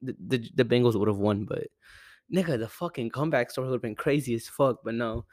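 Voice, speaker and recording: A man's voice: mid-range voice, fast talker, a little mellow, no echo. Young guy from Arizona, loose and profane, self-correcting sports rant, dead-dry close mic. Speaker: sports podcaster. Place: home room with a cat. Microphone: close desk mic.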